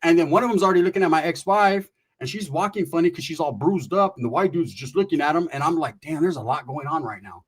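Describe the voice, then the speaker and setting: Middle-aged guy from california spinning a crude funny story, lots of slang and swearing, kinda high pitched. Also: husky. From Merced, California. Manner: animated, profane and slangy, quick asides to the listener. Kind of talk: casual comic storytelling.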